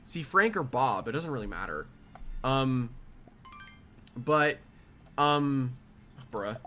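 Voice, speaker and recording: A young adult telling a rambling, animated story in casual storytime fashion. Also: medium pitch, slow pace, faint music behind. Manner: rambling, animated, restarts often. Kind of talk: casual storytime over gameplay.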